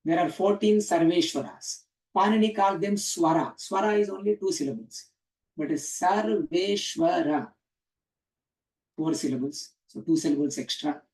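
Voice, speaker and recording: This Sanskrit grammar class is led by a male scripture teacher whose fairly high, mellow-tinged voice is picked up from afar in an echoey room. He walks through explanations and keeps asking the class questions, with frequent "uh" and "huh?"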